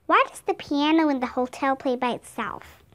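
A woman's voice: sits high, normal speed, fairly bright tone. A woman voicing a bubbly, inquisitive little girl in a children's storybook. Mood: chirpy.

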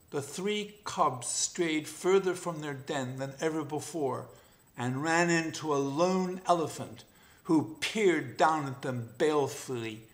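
A man narrating an animal fable in an even, unhurried storybook reading. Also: on the high side.

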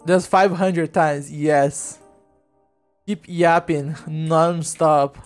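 A male streamer chatting casually to his audience while playing a game, rambling and laughing, with sudden loud outbursts. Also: on the high side, fairly even intonation, drawn-out words, smooth, faint music behind. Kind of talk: casual gameplay livestream chat.

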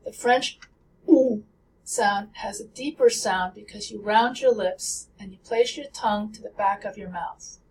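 A woman teaching pronunciation in a slow, careful manner, demonstrating sounds and repeating them with exaggerated emphasis. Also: mid-range voice, a little mellow, far from the mic, a little hiss or hum, poor audio. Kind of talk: slow instructional pronunciation lesson.

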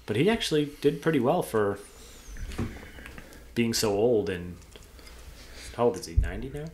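A young man co-hosting a casual movie review podcast, rambling and animated, with lots of fillers. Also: mid-range voice, moderate pace, slight background noise. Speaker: podcast co-host.

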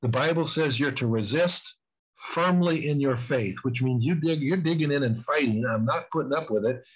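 An older man telling stories earnestly as a guest in an interview, with emphatic, drawn-out stresses on key points. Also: medium pitch, husky, rough recording. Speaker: guest on spiritual warfare. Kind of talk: storytelling in casual interview.

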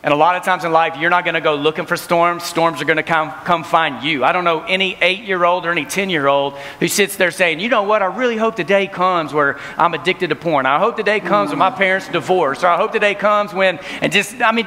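High bright guy preaching to campers, big echoey hall, tells stories and does little voices. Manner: storytelling, acts out voices, laughing. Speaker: camp speaker. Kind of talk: energetic youth sermon with stories. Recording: reverberant hall.

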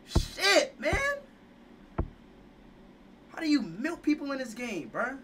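A man streaming a game live, exasperated and swearing, with sudden yelling bursts. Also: very high voice, big pitch swings, takes it slowly, a little hiss or hum. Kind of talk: live gameplay stream, casual chat.

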